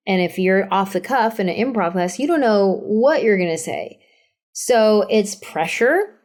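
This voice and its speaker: A woman comedian in her thirties, a guest on an interview show, talking candidly and lively, acting out little quotes as she goes. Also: mid-range voice. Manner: candid, animated storyteller who acts out quotes. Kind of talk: casual interview chat.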